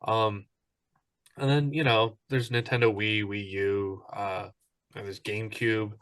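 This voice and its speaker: A man's voice: lowish voice, steady tone, measured pace, fairly bright tone, no echo. Chatty man on a dry podcast mic. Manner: enthusiastic, rambling with many ums. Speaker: podcast co-host. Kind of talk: casual podcast chat.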